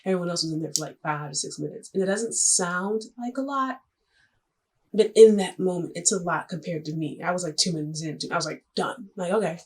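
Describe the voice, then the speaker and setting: A young woman with a husky, slightly low voice tells a personal story straight to the camera. Her delivery is chatty and a little dramatic, with jokey asides and quick shifts. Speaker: vlogger.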